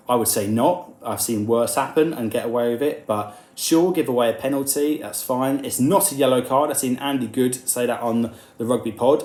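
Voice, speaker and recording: A man giving an opinionated rugby commentary, animated and indignant, sometimes mimicking the people he quotes. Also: medium pitch, roomy sound.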